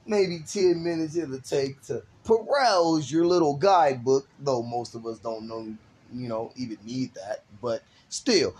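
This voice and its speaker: A man's voice: a little high, a little slow, a little mellow, husky, faint music behind. A young man hosts a loose, profane podcast with a slightly raised voice. He teases constantly and keeps breaking into laughter. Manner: joking, teasing, laughs often, swears freely. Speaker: podcast host. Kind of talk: casual profane podcast chat.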